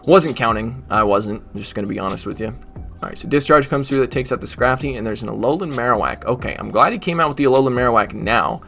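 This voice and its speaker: A man's voice: mid-range voice, quick pace, fairly bright tone, faint music behind. A man giving casual gameplay commentary over his battles, joking and trash-talking the opponents' creatures. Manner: joking, mock trash talk at the game. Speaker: gaming YouTuber.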